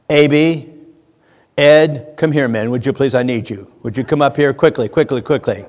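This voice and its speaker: A man preaching a lively sermon in a church, animated, shouting at times as he acts things out. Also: mid-range voice, normal speed. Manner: animated, shouts when acting out a fan. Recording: church hall with long reverb.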